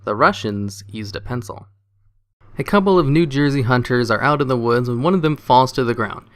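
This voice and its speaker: A man reading a list of jokes aloud with an even, steady storytelling manner. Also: medium pitch, moderate pace, no echo, clean studio sound. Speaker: narrator of jokes.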